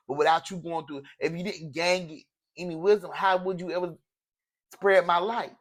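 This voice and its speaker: A man's voice: high voice, steady tone, normal speed. A man giving a casual tarot reading in an emotional, preachy way, often repeating phrases. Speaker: tarot reader.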